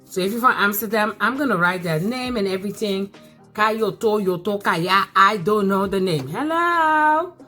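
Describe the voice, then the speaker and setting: Excitable woman with a bright voice. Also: medium pitch, moderate pace, faint music behind. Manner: excitable, repeats phrases, bursts of laughter. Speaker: mukbang vlogger. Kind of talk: casual chat to camera.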